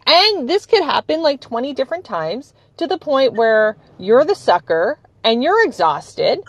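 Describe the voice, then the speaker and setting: A woman's voice: sits high, sing-song, a little slow, no echo, lo-fi sound. A woman podcast host talking enthusiastically in a casual conversation, laughing often. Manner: enthusiastic, laughs often, acts out quoted voices.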